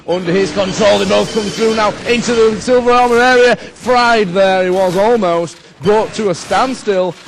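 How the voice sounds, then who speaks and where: Man, measured esports co-commentary. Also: high voice, creaky, slight background noise. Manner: measured, with frequent fillers, livening at key plays. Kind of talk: live esports color commentary.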